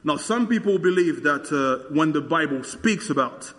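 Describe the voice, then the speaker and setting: A man's voice: fairly high pitch, expressive, normal speed, a bit bright, long reverb tail. A man teaching a Bible passage verse by verse in a conversational way, with frequent fillers. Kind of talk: explaining scripture verse by verse.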